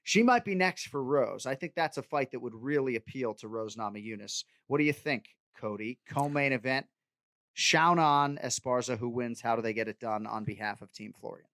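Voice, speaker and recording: A man's voice: medium pitch, normal speed, a bit bright, no echo. A man hosting a casual sports podcast, playful, reading odds and prompting picks. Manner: playful, swears casually, reads betting odds. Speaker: podcast host.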